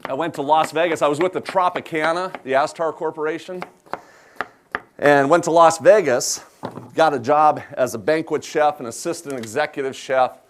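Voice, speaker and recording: Folksy Upper Midwest chef, slightly high voice. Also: male voice, a little hiss or hum. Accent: Upper Midwest American. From South Dakota, USA. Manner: chatty, folksy, self-deprecating humor. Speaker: chef giving a cooking demonstration. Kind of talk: live cooking demo with chat to audience.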